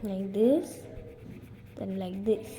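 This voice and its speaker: A woman's voice: mid-range voice, takes it slowly, warm tone, rough recording. A woman giving a step-by-step drawing tutorial in simple, repeated instructions.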